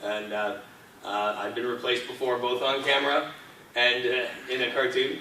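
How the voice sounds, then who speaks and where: A man's voice: mid-range voice, level tone, normal speed, bright, forceful tone, a little hiss or hum. A man telling chatty anecdotes as a guest on a convention panel. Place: convention hall. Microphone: filmed from audience seating. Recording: echoey hall from far off.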